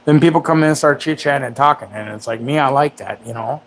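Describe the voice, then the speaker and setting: A man's voice: mid-range voice, fast talker, a bit bright, a little hiss or hum. A man in his forties hosting a livestream. He rambles in casual chat and makes crude, self-mocking jokes. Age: 40s. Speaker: livestream host.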